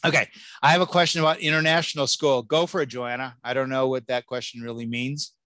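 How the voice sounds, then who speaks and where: A man giving an animated, joking college admissions talk and taking audience questions. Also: mid-range voice, quick pace, dry recording. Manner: lively, jokey, exclamatory. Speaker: college admissions keynote speaker.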